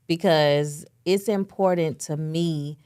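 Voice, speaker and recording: A woman's voice: low voice, slow, dark tone. A middle-aged woman co-hosting a faith podcast, talking thoughtfully and with conviction about parenting. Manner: reflective, speaks of parenting with conviction. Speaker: podcast co-host. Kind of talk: casual faith and parenting chat.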